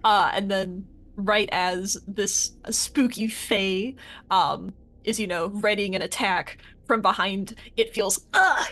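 This is a woman playing her character in an online tabletop game from a home microphone. She talks slowly and deliberately, works through her options out loud, and often lets her voice drop off as she checks her spells. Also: medium pitch, fairly even intonation. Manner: slow, thinks aloud, trails off softly. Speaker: player.

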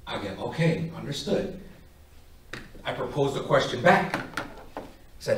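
A man's voice: medium pitch, unhurried, pauses often, slight background noise. A man giving a faith talk to a parish group, telling stories and acting out each voice in them. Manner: animated, acts out both sides of stories. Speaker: parish speaker. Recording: echoey hall, far from mic.

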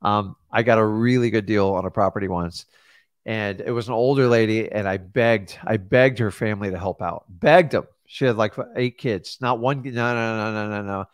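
A man coaching in casual talk, telling animated stories and acting out what people said. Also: fairly low pitch, moderate pace, no echo, clean studio sound. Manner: animated storyteller acting out quotes. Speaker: real estate coach. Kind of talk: casual mentoring advice.

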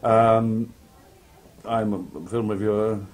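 A man from Liverpool, working as a television announcer, telling anecdotes in a relaxed interview and acting out the people he quotes. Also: on the low side, takes it slowly. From Liverpool, England. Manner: lively raconteur, acts out quoted people in different voices. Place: outdoor country fair at a cricket ground.

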